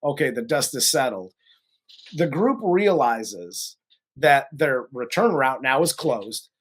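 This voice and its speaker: A host recapping and reviewing a horror film in casual chat, profane and animated. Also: mid-range voice, slow. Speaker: podcast host.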